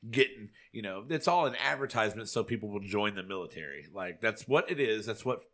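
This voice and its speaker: Bright-voiced casual male podcast host. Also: on the low side, a little fast. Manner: animated, swearing freely. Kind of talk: casual chat.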